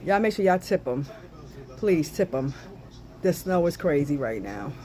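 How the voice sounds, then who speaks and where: Breathless woman with a lively, swooping voice. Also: sits low, measured pace. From New York. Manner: exclaims and sighs, chatty and expressive. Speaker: vlogger. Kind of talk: casual vlog. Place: outdoors in deep snow, then back indoors.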